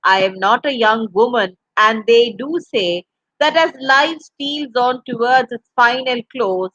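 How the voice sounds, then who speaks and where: A tearful, desperate old woman in a veil pleads insistently, her voice a touch high and bright, as a woman reads her part. The sound is close and dry, with no room around it. The story comes across as a spoken reading. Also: measured pace, no echo, rough recording. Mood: pleading.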